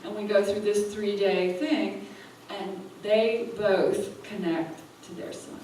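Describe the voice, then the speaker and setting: A woman spiritual speaker tells a story to a live audience in an animated way, laughing between her lines. She sounds far from the microphone in a very echoey hall. A faint murmur of the room sits behind her. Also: medium pitch, takes it slowly, a little hiss or hum. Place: event hall.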